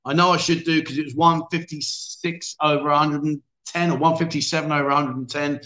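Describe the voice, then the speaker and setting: Male livestream host, slightly high voice, casual and matey, echoey room. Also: steady tone, brisk, pushed and bright. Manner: chatty, self-deprecating, frequent restarts and "mate". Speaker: livestream chat show host. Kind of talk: casual livestream chat reading viewer comments.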